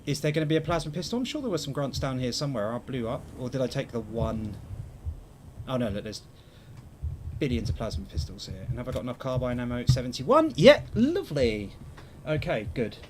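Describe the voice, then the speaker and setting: A man's voice: medium pitch, expressive, fast, noisy background. A young man chatting casually and rambling as he streams a video game, poking fun at himself. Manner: chatty, rambling, self-deprecating. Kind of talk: casual gameplay commentary.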